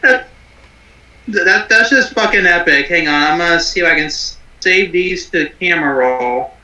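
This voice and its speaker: A man's voice: a little high, normal speed, pushed and bright, reverberant, recorded from a distance, poor audio. A man hosting a reaction stream from a shed, chatting casually and swearing a lot. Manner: laid-back, swears a lot. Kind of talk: casual chat.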